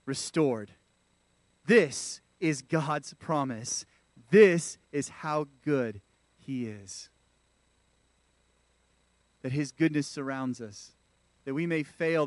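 A man's voice: on the high side, no room sound. A man preaching a sermon in a church, calling out to the congregation. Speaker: pastor.

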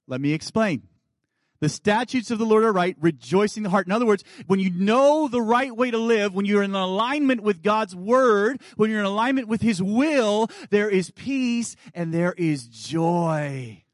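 Male guest preacher, 30s, earnest sermon delivery, a bit high in pitch, dry close-miked sound. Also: no room sound. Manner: earnest preaching, dropping to soft quiet asides. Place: church sanctuary.

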